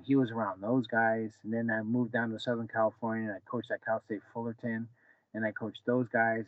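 A man's voice: mid-range voice, dry recording. A man in his forties, a former fighter and wrestling coach, telling a long story in a casual interview, full of fillers and restarts, acting out the dialogue. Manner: rambling, many fillers and restarts, acts out dialogue. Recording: dull, slightly lo-fi, dry sound.

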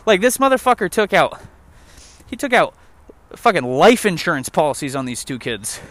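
A man's voice: fairly high pitch, very animated, moderate pace, fairly bright tone. Profane, rambling young man on a walk. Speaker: vlogger. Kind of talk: casual rant while walking. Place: outdoor trail.

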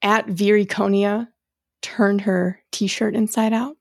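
A young woman co-hosting a chatty podcast, with a voice in the middle range for a woman. She is playful and cusses freely, and she drops into hushed tones when she reads a creepy story. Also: mid-range voice, steady tone, slow pace, vocal fry, no room sound. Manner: playful, swears casually, reads a spooky tale in a hushed voice. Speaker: podcast co-host. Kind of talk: casual chat, reading a story aloud.

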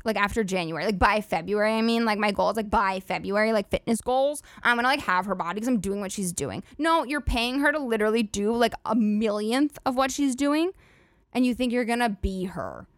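A woman's voice: medium pitch, fairly quick, no room sound, studio quality. A woman hosting a solo comedy podcast, rambling and swearing freely with lots of "like" fillers. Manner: profane, rambling, filler-heavy "like" talk. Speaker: podcast host.

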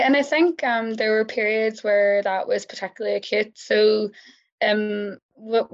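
A woman's voice: medium pitch, highs cut off. A woman from Ireland, a researcher, talking thoughtfully in an interview with academic phrasing and many hedging fillers. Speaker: researcher guest. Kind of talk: interview conversation.

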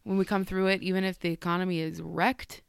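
A young woman shares reflective thoughts in a casual faith chat, pausing on fillers. Her voice is lowish, smooth and resonant. The recording is dry and close. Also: little pitch movement, no room sound. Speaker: podcast co-host.

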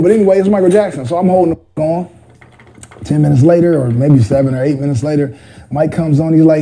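A man's voice: fairly high pitch, a little fast, warm tone, low-quality recording. A middle-aged man, a rapper, casually telling a rambling story full of fillers, now and then mimicking other voices.

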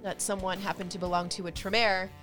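A woman playing in a tabletop game, recapping in a relaxed way with fillers. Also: mid-range voice, fast, over music. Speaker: player. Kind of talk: casual tabletop game chat.

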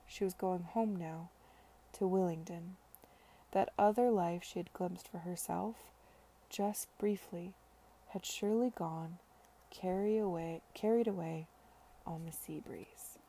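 Female audiobook host, mellow, fry in the voice, steady storytelling. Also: on the low side, takes it slowly. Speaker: podcast reader. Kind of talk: reading a novel aloud.

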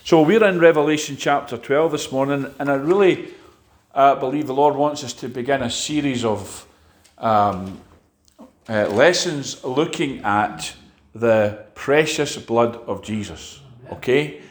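A man preaching a sermon, halting and restarting often and asking the congregation rhetorical questions. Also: mid-range voice, roomy sound. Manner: halting, with frequent fillers and restarts.

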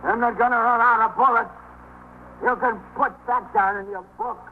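A paranoid armed man, high-pitched. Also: steady tone, normal speed. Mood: threatening. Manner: agitated, repetitive, swings between threats and self-pity. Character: unstable man barricaded with a gun, paranoid and bitter. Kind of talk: 1950s radio drama acting. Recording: tinny old radio broadcast with faint hiss.

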